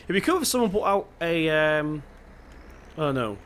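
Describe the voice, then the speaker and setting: Playing a farming game, this young Devon man keeps up casual commentary for his gaming channel, musing aloud in his local English accent. He talks at a moderate pace in a somewhat high, fairly bright voice with big swings in pitch.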